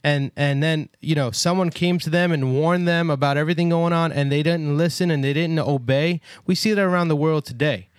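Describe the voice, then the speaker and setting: A man's voice: on the high side, fairly quick, few pauses, clean tone, no echo. A man co-hosting a casual Bible discussion podcast, talking earnestly and emphatically, often checking in with "right?". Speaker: podcast co-host.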